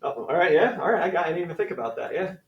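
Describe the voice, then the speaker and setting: A man's voice: a little high, lively intonation, racing, distant mic, highs cut off, noisy background. A man teaching a math class. He sounds conversational and upbeat as he calls on students by name. The voice sits a little away from the mic, and the classroom echoes around him. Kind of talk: classroom lesson.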